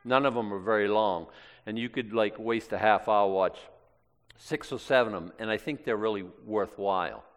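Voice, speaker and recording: A man's voice: on the low side, moderate pace, long reverb tail. A man teaching from the Bible to a congregation in a loose, conversational way, with restarts and side remarks. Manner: chatty, digressive, with frequent restarts and asides. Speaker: pastor.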